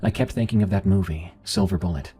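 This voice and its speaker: A man reading a first-person horror story in a slow, measured scripted narration. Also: low voice, dark tone, breathy edge. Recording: faint music underneath.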